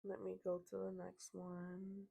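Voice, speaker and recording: Speaking slowly in a lowish, monotone, creaky voice with a warm tone, this female podcast host reads posts out loud and chats conversationally, laughing and using fillers. A little hiss or hum sits under the recording.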